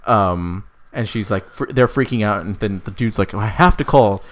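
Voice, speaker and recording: At a normal speed, a man casually narrates a made-up story full of fillers and cursing, wandering as he goes and pitching up to voice each character's lines.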